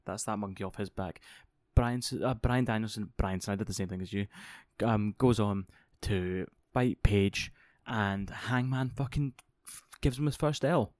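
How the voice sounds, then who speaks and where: A young man co-hosting a podcast, rambling excitedly and swearing often. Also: fairly low pitch, dry recording, studio quality. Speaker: podcast co-host. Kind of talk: casual podcast chat.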